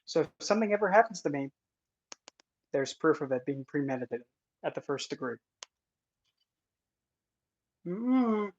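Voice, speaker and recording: This is casual vlog commentary from an occult content creator, sarcastic and indignant in tone. The mid-range voice is expressive and brisk, captured in dull lo-fi audio.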